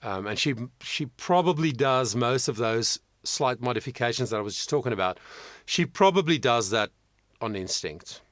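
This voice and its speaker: A man's voice: medium pitch, lively intonation, moderate pace, a bit bright, no room sound, studio quality. A man working as a vocal coach, talking through a singer's performance in casual commentary, thoughtful, with frequent ums and restarts.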